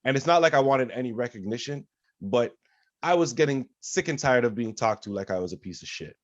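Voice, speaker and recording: A man co-hosting a casual podcast, telling stories in an animated, loud, profane way. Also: medium pitch, brisk, no echo, highs cut off. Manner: animated storyteller, loud and profane when reenacting. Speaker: podcast co-host.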